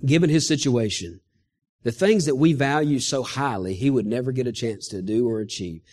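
A male pastor preaching an animated sermon, often chuckling as he speaks. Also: medium pitch, moderate pace.

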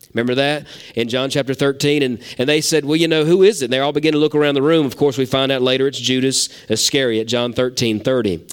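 A man's voice: medium pitch, smooth. A middle-aged man, preaching a sermon in a folksy, storytelling way. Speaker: pastor.

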